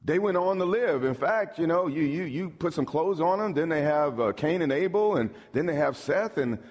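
Husky preacher in a reverberant hall. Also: male voice, on the high side, animated, moderate pace, few pauses, darkish tone. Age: middle-aged. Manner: emphatic, asks the congregation questions. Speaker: pastor. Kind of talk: sermon.

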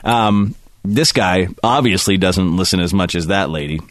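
A man's voice: deep voice, moderate pace, no echo, clean studio sound. A man co-hosting a morning radio show in casual banter, reading listener emails aloud and laughing easily.

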